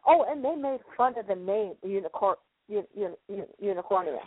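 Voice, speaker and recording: A woman's voice: medium pitch, animated, breathy edge, dry recording. A woman co-hosting a casual chat show, often restarting and stumbling over her words. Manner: halting, restarts and stammers. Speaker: podcast co-host. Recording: tinny phone-line call, dry.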